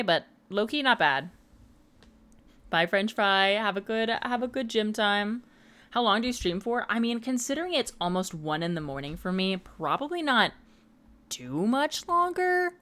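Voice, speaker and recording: A woman's voice: mid-range voice, fairly bright tone. A woman in her mid-twenties chatting casually and teasing her viewers during a late-night gaming livestream. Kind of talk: casual chat while gaming.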